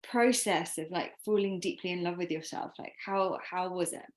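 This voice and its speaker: A woman's voice: on the low side, normal speed. A woman host talks in a loose, chatty way, stringing thoughts together with "like". She is effusive and openly emotional in conversation. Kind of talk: casual conversation.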